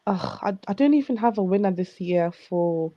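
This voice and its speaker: Woman caller, warm dark voice, dull lo-fi call audio, dry sound. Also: medium pitch, animated, moderate pace, no echo. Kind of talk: casual call-in chat.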